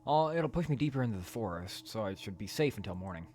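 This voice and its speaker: A man playing through a horror dating game, reading its text aloud in a hushed voice. He breaks into loud, profane commentary, his voice swinging widely in pitch. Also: animated, fast talker, slight background noise. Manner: reads quietly, then bursts into loud, profane rants. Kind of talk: let's play narration and commentary.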